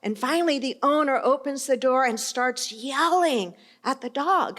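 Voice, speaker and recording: A woman's voice: high-pitched, expressive, normal speed, hardly any pauses, fairly bright tone. Conversational woman pastor telling stories. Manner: conversational storytelling. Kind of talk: sermon.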